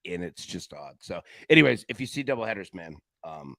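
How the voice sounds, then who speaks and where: A man's voice: sits low, brisk, vocal fry, no room sound. A man hosting a sports betting show, chatting casually in a loose, slangy way. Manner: animated, loose and slangy, lots of "man" and "dude".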